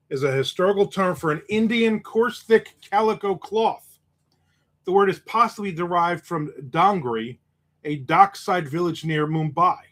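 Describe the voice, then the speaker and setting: A man chats on a casual livestream, picking up viewer comments and firing back quick jokes. His voice sits a bit above the usual male range, relaxed and conversational. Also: fairly high pitch. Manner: joking, quick asides. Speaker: host.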